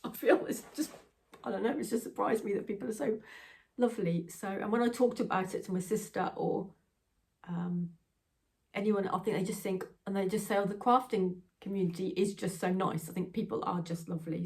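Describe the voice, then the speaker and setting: A woman from England hosts her crafting channel in a casual, rambling chat, often laughing at herself. She sounds tearful and emotional. Her voice sits at an ordinary middle pitch and is picked up from a little distance. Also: steady tone, brisk, vocal fry, a little mellow. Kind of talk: casual chatty vlog.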